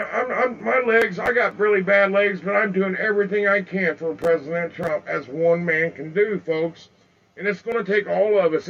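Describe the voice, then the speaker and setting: Angry older man ranting, gravelly voice. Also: high-pitched, bright, forceful tone, highs cut off, a little hiss or hum. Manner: heated, repetitive, keeps calling out "folks". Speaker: livestreamer. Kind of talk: angry live-video rant. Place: outdoors in bright sun.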